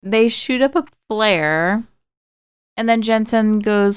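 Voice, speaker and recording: A woman's voice: medium pitch, slow, clean tone, no echo, clean studio sound. A woman co-hosting a podcast, recapping a film in chatty casual talk full of "like" fillers. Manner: chatty storytelling, many "like" fillers. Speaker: podcast co-host.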